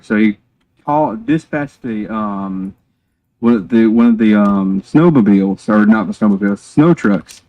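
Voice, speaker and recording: A man's voice: lowish voice, muffled recording. A man, chatting on a game stream and telling a joking, rambling story with casual swearing. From North Carolina, USA.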